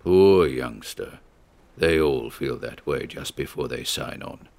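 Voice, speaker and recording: A man voicing a deep-voiced ghostly old sea captain who speaks slowly, solemnly and with stern sympathy. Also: vocal fry, a little mellow, full character voice.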